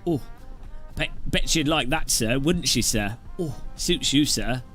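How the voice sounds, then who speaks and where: A man voicing a sly, leering male tailor with a drawn-out, insinuating way of talking. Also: mid-range voice, animated, a bit bright, soft background music.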